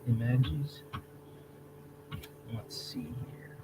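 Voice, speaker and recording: A man hosting a casual livestream, talking in a rambling, halting way, restarting phrases and clearing his throat. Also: medium pitch, muffled recording, background noise. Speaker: livestream host.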